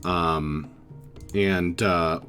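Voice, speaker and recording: A man narrating as dungeon master, slow and halting with many fillers. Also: deep voice, steady tone, a bit bright, soft background music. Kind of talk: narrating a tabletop game.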